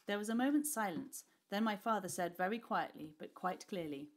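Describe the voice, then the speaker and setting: A woman teacher reading a class novel aloud with expressive storytelling. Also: medium pitch, brisk, hardly any pauses.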